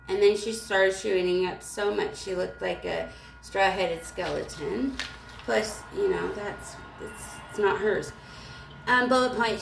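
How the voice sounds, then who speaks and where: Woman vlogger, gravelly voice, rambling and irritated, echoey room on a phone. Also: medium pitch, far from the mic. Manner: rambling, emotional, irritated, halting restarts. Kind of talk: rambling spiritual monologue. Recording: echoey room with faint ambience.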